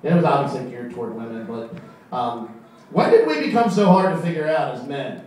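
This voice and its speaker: A man doing a stand-up comedy set on a club stage, deadpan and halting, with many fillers. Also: mid-range voice. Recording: echoey room, far from the mic, faint crowd noise.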